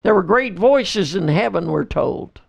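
Slow gravelly-voiced preacher. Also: male voice, high-pitched, lively intonation. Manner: deliberate, reads scripture in slow measured phrases. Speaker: pastor and podcast host. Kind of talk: slow verse-by-verse Bible teaching.

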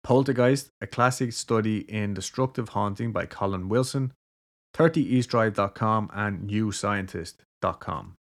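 Low-voiced casual podcast host man. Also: measured pace. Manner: relaxed, swears casually, filler-heavy.

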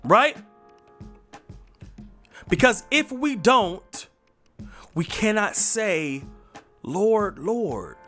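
A man preaching a sermon in a strikingly high, bright voice, driving his points home with emphatic repetition. His pitch swings widely as he delivers slow, deliberate lines, with faint music behind him. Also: very animated. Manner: emphatic, repetitive rallying cadence.

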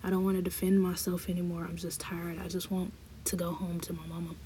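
A woman's voice: on the low side, level tone, a little fast, dark tone, a little hiss or hum. A woman hosting a podcast, telling a personal story and acting out the dialogue while speaking to listeners directly. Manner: reenacts dialogue, talks to listeners as y'all. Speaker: podcast host.

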